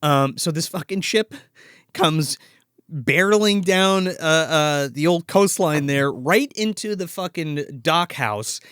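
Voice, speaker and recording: A man's voice: a little high, lively intonation, slow pace, fairly bright tone, clean tone, no room sound, studio quality. A man co-hosting a movie podcast, chatting casually about a film, laughing often and swearing freely. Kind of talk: casual movie review chat.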